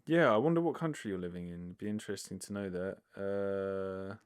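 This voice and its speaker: A man's voice: deep voice, brisk, clear, resonant tone. A British man hosting a casual solo podcast, answering listener questions in a rambling, self-deprecating way with lots of fillers and casual swearing. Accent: British English. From Britain. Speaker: podcast host.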